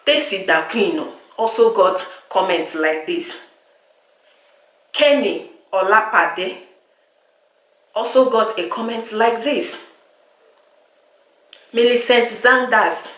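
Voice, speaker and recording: Nigerian woman vlogger, frustrated rant to camera, echoey room, mid-pitched voice. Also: slow, pauses often, a bit bright. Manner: exasperated, repetitive, lapsing into pidgin. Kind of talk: direct-to-camera vlog rant.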